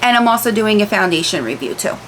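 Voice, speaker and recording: Casual female beauty vlogger, candid chatter, mid pitch, faint room noise. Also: animated, fast, fairly bright tone, poor audio. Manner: chatty, candid, repeats words. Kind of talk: casual unboxing chat. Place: home room with ring light.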